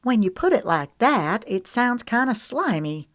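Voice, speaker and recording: A woman voicing a hopeful young woman trying gently to persuade her brother and friend. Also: fairly high pitch, very animated, unhurried, no echo, studio quality, pitched above the performer's own voice. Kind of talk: audiobook character reading.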